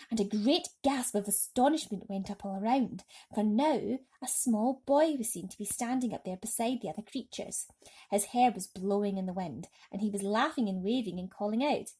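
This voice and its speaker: A woman reading a children's bedtime story aloud in an expressive, breathy voice. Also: medium pitch.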